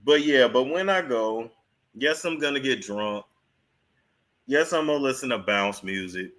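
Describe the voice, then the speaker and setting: A man's voice: mid-range voice, expressive, a little slow, a bit bright. A man hosting casual gossip commentary, chatting to his viewers and laughing often. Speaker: celebrity gossip host.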